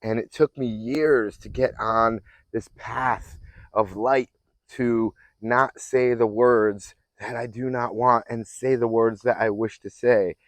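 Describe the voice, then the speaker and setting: In a dry recording, a medium-pitched man speaks as a fitness and mindset coach. His motivational self-help talk is earnest and affirming, though it sometimes rambles and starts over.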